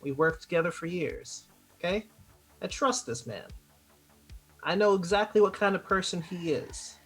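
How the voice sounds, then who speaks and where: A woman voicing a smooth street fixer who soothes a panicked ally, repeating herself to calm him. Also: fairly low pitch, moderate pace, soft background music. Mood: soothing. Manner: calm, reassuring, repeats "hey" to settle others.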